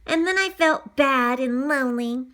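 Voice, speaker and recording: Brief: animated woman storyteller, very high, bright voice, pitch all over the place. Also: a little slow. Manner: animated, breathless, first-person dog narration. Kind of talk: storybook reading.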